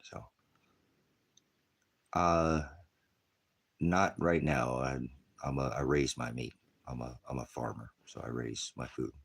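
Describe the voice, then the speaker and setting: A man's voice: a bass voice, steady tone, takes it slowly, vocal fry, long pauses, breathy edge. A retired male pastor preaching in a rambling, combative rant that jumps from topic to topic. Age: older.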